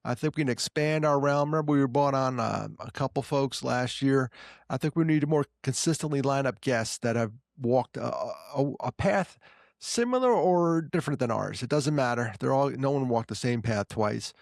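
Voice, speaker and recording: A man with a New York accent, co-hosting a podcast and telling stories in casual, animated chat full of quick restarts. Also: medium pitch, vocal fry, no echo, studio quality. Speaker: podcast co-host.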